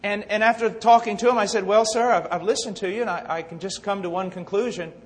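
A man preaching a sermon with impassioned swings between hushed and loud delivery. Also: sits high, quick pace. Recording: long hall reverb.

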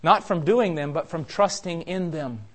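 High-voiced impassioned male preacher. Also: moderate pace. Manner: impassioned, swings from loud urgency to quiet intensity. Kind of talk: sermon.

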